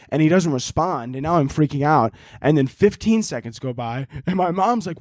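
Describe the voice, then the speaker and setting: A young man hosting a casual solo podcast, telling animated stories with lots of swearing and jokes. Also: on the high side, a little fast, few pauses, no room sound, studio quality. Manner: animated storytelling, swearing, joking. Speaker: podcast host.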